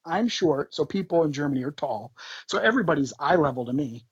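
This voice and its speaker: A man, a podcast guest, telling tour stories in an animated, swearing, laughing way. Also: a little high, fairly quick, husky, no echo, highs cut off. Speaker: podcast guest, band member. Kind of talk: casual storytelling.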